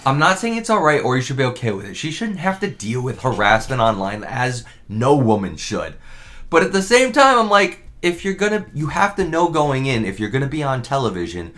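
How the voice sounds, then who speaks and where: A man's voice: medium pitch, sing-song, fairly quick, a bit bright. A man co-hosting a podcast, bantering loosely, rambling with restarts and frequent laughs. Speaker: podcast co-host. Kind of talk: casual banter.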